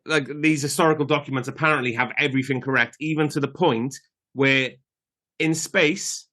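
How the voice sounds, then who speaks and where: A man co-hosting a film podcast, retelling scenes quickly and enthusiastically in casual chat. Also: medium pitch, steady tone, pushed and bright. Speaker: podcast co-host.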